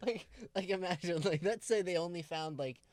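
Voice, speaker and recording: A man's voice: high-pitched, moderate pace, a little mellow, no room sound. A man co-hosting a podcast in casual chat, hesitant and laughing easily. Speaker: podcast co-host.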